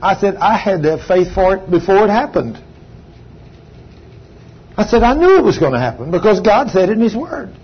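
An older man preaching a sermon, telling a testimony with emphatic, drawn-out phrases. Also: high-pitched, big pitch swings, breathy edge. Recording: slightly dull sound, faint background hum.

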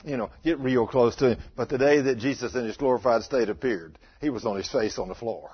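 A husky man preaching to his congregation, his voice rising and dropping as he tells the story. He questions the listeners directly and acts out the quotes. The recording is dull and lo-fi. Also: medium pitch, brisk. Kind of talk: sermon. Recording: dull lo-fi sound.

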